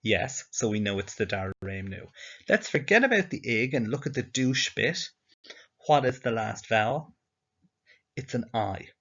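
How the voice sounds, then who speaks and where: A man's voice: medium pitch, animated, moderate pace, a bit bright, breathy edge, dull audio. A man teaching a recorded slideshow lesson, patiently asking questions and answering them himself. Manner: patient, asks and answers his own questions.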